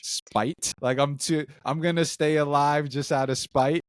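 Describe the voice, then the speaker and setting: A man's voice: on the high side, fairly even intonation, unhurried, clean tone, no echo, clean studio sound. A man co-hosting a podcast. He rambles through a string of questions in a wry, searching way. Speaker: podcast co-host. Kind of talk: candid podcast conversation.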